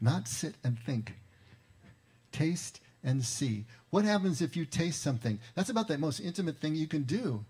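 Gravelly, mellow-voiced pastor preaching. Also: male voice, mid-range voice. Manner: conversational, emphatic storytelling with slowed stresses. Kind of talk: Easter sermon.

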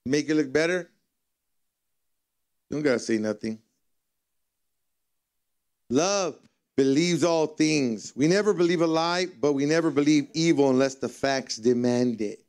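A man's voice: a little high, a little slow, pauses often, darkish tone. A man pastor preaching a sermon in a conversational way, telling funny stories. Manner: conversational preaching with humorous storytelling. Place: church service.

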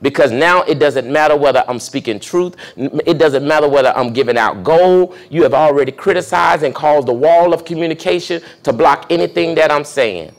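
Pastor preaching in a conversational tone. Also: male voice, fairly high pitch, a little fast, few pauses. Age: young adult. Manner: conversational preaching, asks the congregation questions. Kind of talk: sermon teaching.

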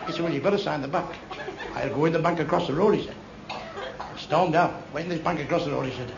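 Captured on a dull, lo-fi live tape in an echoey club room with crowd noise, a stand-up comedian speaks at a quick pace in a fairly high, creaky voice. His routine is blunt and crude, with asides aimed at the audience.

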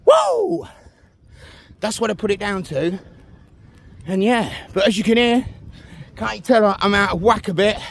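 A man talks to his phone as he walks along a village road, puffing and out of breath. His voice sits high for a man, and it is gravelly and husky. He chats to the viewer in a loose, casual way. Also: moderate pace, long pauses, a bit bright. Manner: chatty, keeps asking the viewer "you know what I mean". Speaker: vlogger. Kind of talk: casual walk-and-talk vlog.

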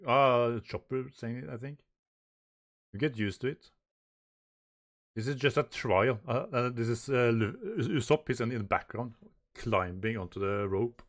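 A man reads a comic aloud at a slow, deliberate pace, breaking in with his own remarks. His pitch sits in the middle range, and he often trips over a word and repeats it before pushing on. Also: lively intonation. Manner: halting, stumbles and repeats words while reading; reads the dialogue aloud in lightly raised voices. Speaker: manga reaction host. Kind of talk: reading aloud and reacting.

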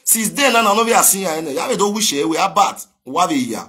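Husky high-voiced man, heated. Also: animated, fairly quick. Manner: switching between pleading and heated shouting. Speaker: speaker addressing a rival. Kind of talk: direct video message.

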